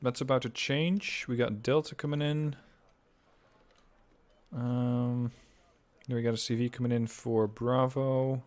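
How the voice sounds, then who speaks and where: A man co-hosting a game replay, giving steady analytical play-by-play. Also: mid-range voice, a little slow, long pauses. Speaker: co-host. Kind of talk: casual replay commentary.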